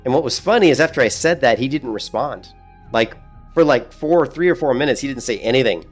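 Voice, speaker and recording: A middle-aged man talks loosely over his gameplay stream at an ordinary mid pitch. He rambles from point to point, swears freely and chuckles at his own complaints, with faint music under him. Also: expressive, brisk. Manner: rambling, profane, laughs at his own stories. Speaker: gaming streamer. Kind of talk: casual chat while streaming gameplay.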